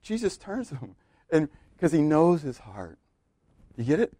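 A man preaching a sermon as pastor, swinging between loud exclamations and quiet asides. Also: on the high side, very animated, moderate pace, husky, no room sound.

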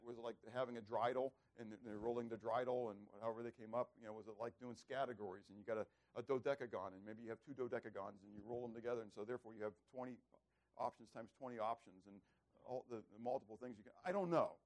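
A man's voice: medium pitch, fast, darkish tone. A man preaching a bible lesson, asking rhetorical questions and acting out characters. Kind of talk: bible teaching sermon.

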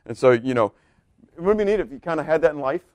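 A man's voice: on the high side, expressive, fast talker, darkish tone, no echo. A man preaching a sermon in a loose, conversational way, asking the congregation questions and laughing now and then. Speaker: pastor.

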